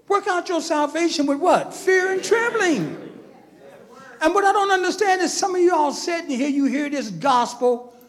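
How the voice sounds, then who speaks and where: A man preaching a fiery sermon, moving from quiet asides to shouted preaching. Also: very high-pitched.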